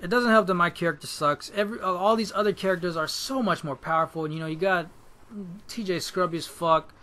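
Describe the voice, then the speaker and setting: A man's voice: high voice, fairly quick, bright, forceful tone. A young man in a casual, profane rant to his viewers about a fighting game, frustrated and full of restarts. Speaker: gaming YouTuber. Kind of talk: casual ranting commentary.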